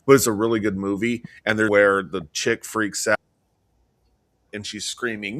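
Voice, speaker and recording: A man co-hosting a podcast, talking casually and rambling with halting restarts. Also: lowish voice, little pitch movement, fairly bright tone, no echo, studio quality. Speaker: podcast co-host. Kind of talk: casual chat.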